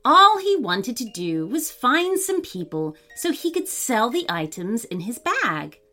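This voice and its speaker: A woman's voice: fairly high pitch, big pitch swings, unhurried, sharp tone. Woman narrating a bedtime story. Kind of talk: scripted narration. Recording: faint music under the voice.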